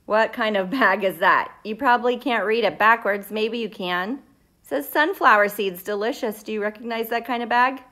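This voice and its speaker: A woman's voice: fairly high pitch, normal speed, pushed and bright. A woman teacher reading a picture book aloud to children, dramatic, with gasps and questions to her listeners.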